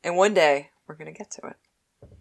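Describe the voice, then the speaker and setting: A woman with a notably low voice talks through a TV episode with a friend. She is playful, keeps slipping into quick little character voices and laughs easily. The talk is relaxed and conversational. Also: creaky. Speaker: podcast co-host. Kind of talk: casual chat recapping a TV episode.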